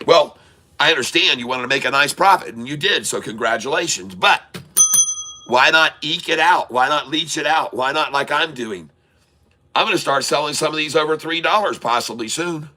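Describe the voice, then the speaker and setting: A man hosting a live day-trading stream, calling out prices and coaching viewers in an excitable, repetitive way. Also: fairly high pitch, normal speed. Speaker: day-trading livestream host.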